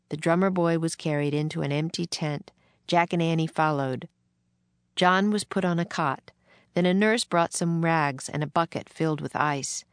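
Low, gravelly woman reading a storybook. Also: normal speed, no room sound. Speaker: narrator. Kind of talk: reading a children's book aloud.

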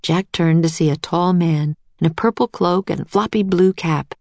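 A woman reads a children's storybook aloud in an even, steady narration. Her voice has a noticeable gravelly fry. The recording is dry and close. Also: lowish voice, moderate pace, no echo.

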